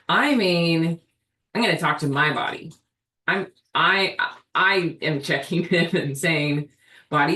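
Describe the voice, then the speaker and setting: A woman's voice: sits low, a bit bright. A woman hosting a live video Q&A for her ministry, talking earnestly and thinking aloud. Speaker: host of a healing ministry. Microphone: video call. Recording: echoey room, distant from mic.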